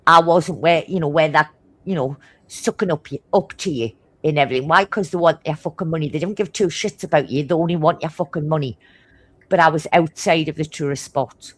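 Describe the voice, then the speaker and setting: A middle-aged woman from Newcastle with a thick Geordie accent and a slightly low voice. She tells stories fast and bluntly, with swearing in nearly every line. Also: no echo. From Newcastle, England. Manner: swears constantly, blunt and animated; talks fast. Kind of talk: casual chat, storytelling.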